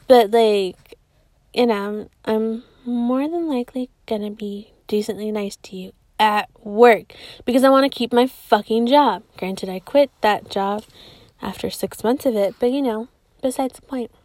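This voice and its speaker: A woman's voice: a little high, normal speed, darkish tone, no room sound. A young adult woman hosting a podcast, telling a story in casual, profane chat, dropping to whispers for asides. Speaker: podcast host.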